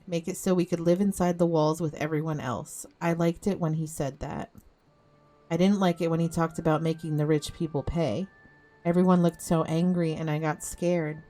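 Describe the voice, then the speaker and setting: A woman voicing a small frightened child who is looking for its parents, in a plaintive, slow way. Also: fairly low pitch, steady tone, mellow, faint music behind, close to an everyday voice.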